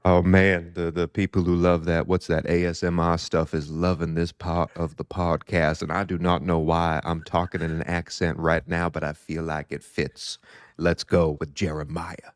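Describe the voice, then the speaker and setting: A man putting on a soft, drawn-out smooth jazz radio announcer voice with a put-on accent. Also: deep voice, little pitch movement, no room sound, clean studio sound, pitched below the performer's own voice, close to an everyday voice. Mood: mellow.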